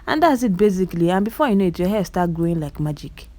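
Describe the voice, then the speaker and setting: Speaking fast in a warm, expressive voice on the low side, a Nigerian Igbo-accented vlogger chats through voice-over commentary on clips. She exclaims frequently, speaks right to her viewers, and repeats words for emphasis.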